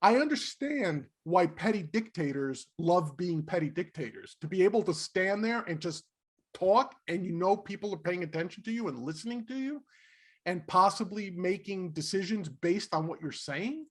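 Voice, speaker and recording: A middle-aged man co-hosting a podcast, telling stories in a casual, animated way and laughing often. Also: high voice, normal speed, slightly rough. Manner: animated, laughing, acts out quotes. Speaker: podcast co-host. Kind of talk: casual storytelling chat.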